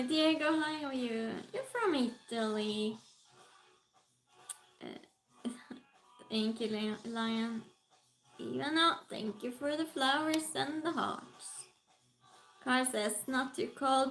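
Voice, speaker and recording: The host of this casual livestream is a woman whose voice sits high with a fairly bright tone; she chats, giggles, greets viewers, and reads their comments aloud. It's a low-quality recording.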